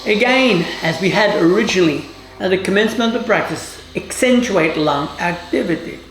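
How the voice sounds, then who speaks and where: Calm woman leading yoga in an echoey room. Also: medium pitch, soft background music. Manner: calm, measured commands with formal, old-fashioned phrasing. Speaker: yoga teacher. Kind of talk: guided yoga class instruction.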